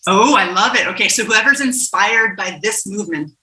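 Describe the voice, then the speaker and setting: A woman's voice: medium pitch, moderate pace, bright, forceful tone, a little hiss or hum. Woman facilitator, upbeat and playful, calls on people by name; video call audio in an echoey room. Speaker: facilitator leading a warm-up game.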